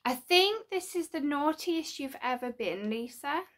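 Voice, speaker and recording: A woman filming a casual home unboxing vlog, gushing and excitable, sometimes dropping to a whisper. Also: high voice, a little slow, noisy background. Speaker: unboxing vlogger. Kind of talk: casual chat to camera. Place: home studio.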